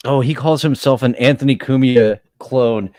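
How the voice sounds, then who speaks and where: A man's voice: medium pitch, a little mellow. A man listing his streaming schedule on a podcast, stopping and restarting often and leaning on fillers. His mid-range voice is recorded close and dry, with no room echo. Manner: halting, filler-heavy. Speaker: guest streamer. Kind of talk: casual podcast chat.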